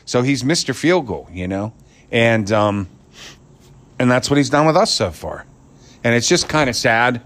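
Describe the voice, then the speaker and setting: A man with a lowish voice rants about football in a loose, rambling way. He is crude and mocking and keeps laughing at his own jokes. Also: fairly bright tone. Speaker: sports commentator. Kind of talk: casual opinionated sports rant.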